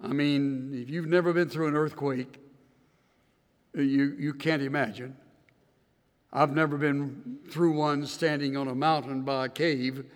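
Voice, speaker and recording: A male pastor preaching a sermon in an earnest voice that swings into loud, emphatic bursts. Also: fairly high pitch. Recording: reverberant hall.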